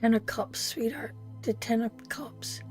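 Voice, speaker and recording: A woman's voice: a little high, steady tone, a little slow, a little mellow, faint music behind. A woman giving a live tarot reading, emotional and repetitive, calling the listener sweetheart. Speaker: tarot reader.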